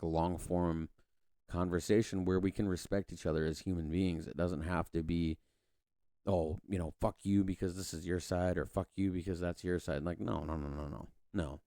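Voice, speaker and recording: A man's voice: deep voice, dark tone, no echo, studio quality. A man hosting a podcast, rambling through a casual political monologue with frequent restarts and casual swearing. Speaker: podcast host.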